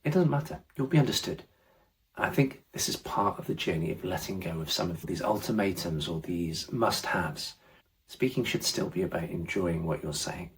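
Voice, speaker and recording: Low-voiced man teaching Spanish casually. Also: normal speed, slight background noise. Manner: relaxed, reassuring, encouraging. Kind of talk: casual spoken lesson.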